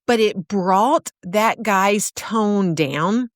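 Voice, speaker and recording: A woman's voice: mid-range voice, lively intonation, slow, no echo, studio quality. A middle-aged woman hosting a solo podcast, telling stories in an easy, meandering way with fillers and restarts. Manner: warm storytelling with fillers and restarts. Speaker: podcast host.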